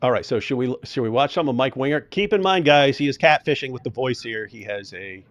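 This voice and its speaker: A male livestream host reacts to chat comments in a loose, mocking way, often breaking into laughter. His pitch swings widely as he gets worked up. The sound is close and dry. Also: lively intonation, brisk, no room sound.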